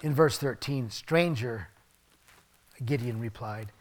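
A man preaching a sermon in a conversational way, swinging from emphatic bursts down to soft, hushed asides. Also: mid-range voice, a little slow. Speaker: pastor.

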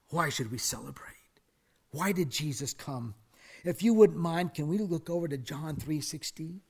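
A male pastor preaching a sermon, dropping to hushed whispers and then rising to loud, emphatic declarations, and asking the congregation to say lines with him. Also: fairly high pitch, vocal fry. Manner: invites the congregation to speak along.

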